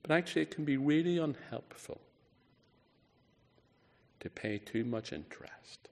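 Lively preacher in an echoing hall. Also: male voice, unhurried, creaky. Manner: emphatic, rising on key words and dropping low at phrase ends. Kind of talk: sermon. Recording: reverberant hall.

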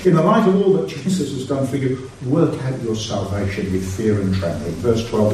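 A man's voice: medium pitch, normal speed, few pauses, a little mellow, slight background noise. A man preaching a sermon, earnest and building to urgent exhortation. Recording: echoey hall, mic far off.

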